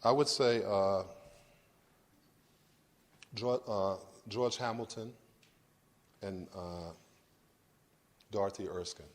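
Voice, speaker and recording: A man's voice: lowish voice, slow pace, pauses often. A middle-aged man giving an informal university lecture to an audience, talking conversationally with frequent restarts and checks for understanding. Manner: conversational, repeats and restarts, asks "does that make sense". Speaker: guest lecturer.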